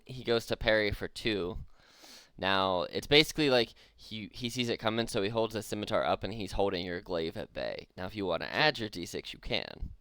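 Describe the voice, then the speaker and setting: A young man with a very low, gravelly voice runs a tabletop game as dungeon master. His tone is smooth and resonant. He narrates the combat vividly in a relaxed way. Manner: laid-back, chuckling, vivid combat narration.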